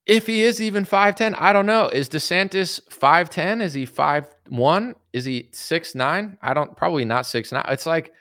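A young man talking in a loose, rambling, sarcastic way about politics, his voice sitting a little high for a man. The sound is close and dry, with no room around it. He keeps circling back with filler words as he rants. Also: moderate pace, hardly any pauses, fairly bright tone, no echo. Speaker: political commentary host. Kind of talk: casual political rant.

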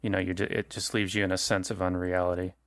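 Running a horror tabletop game, a game master narrates fast and casually, frequently reworking sentences partway through. His somewhat low voice is clear with a resonant tone, and the close, dry recording has no room sound.

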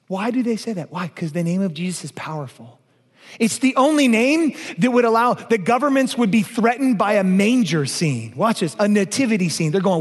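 A male pastor preaching a sermon, emphatic, asking rhetorical questions and swinging between loud declarations and hushed lines. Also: sits high, animated, brisk. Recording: long reverb of a large hall.

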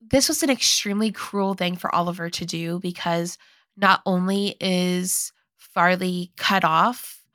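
A woman's voice: on the low side, unhurried, a bit bright, dry recording. A woman co-hosting a podcast, casually recapping a movie and animatedly acting out the characters' lines. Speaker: podcast co-host.

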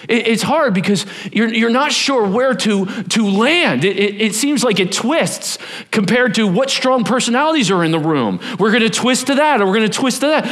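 A middle-aged man delivers a sermon from the pulpit. His pitch sits a little above the usual male range, and it rises and falls a great deal. He drops into voices now and then to act out little scenes for the congregation. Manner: animated, lively storytelling with acted-out voices. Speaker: pastor.

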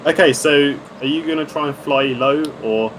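A man's voice: fairly high pitch, normal speed, noisy background. A man running a tabletop game as game master, playful and teasing with the players.

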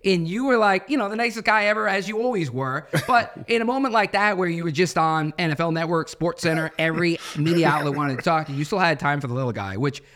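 A chatty man co-hosting a relaxed interview, once a sports reporter. He wraps his questions in long, warm stories and talks at a quick clip. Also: on the high side. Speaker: podcast co-host, former sports reporter. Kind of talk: casual interview chat.

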